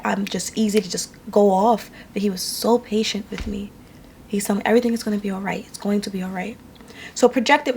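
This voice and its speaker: A young adult woman from New York, a vlogger, tells a personal story to camera at home in a candid, emotional, conversational style. Her mid-range voice is gravelly with a darkish tone. It's a casual storytelling vlog recorded indoors, with slight background noise.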